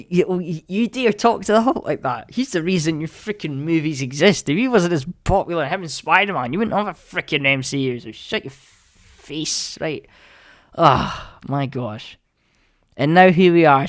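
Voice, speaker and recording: A man's voice: a little high, dry recording, studio quality. A young man hosting a solo podcast, ranting in an exasperated, sarcastic way. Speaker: podcast host.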